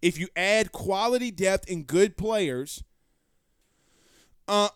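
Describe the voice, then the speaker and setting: A man hosting a sports talk stream, reading viewer comments aloud and answering them in a loud, passionate, blunt way with some swearing. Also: sits high, lively intonation, slow pace, clean tone, no echo, clean studio sound. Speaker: sports show host. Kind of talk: live-stream chat reading.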